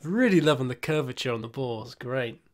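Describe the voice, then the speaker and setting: A man's voice: mid-range voice, brisk. Chatty man reacting to gameplay. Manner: chatty, self-mocking, swings between mumbled asides and excited outbursts. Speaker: gaming YouTuber. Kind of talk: casual gameplay commentary.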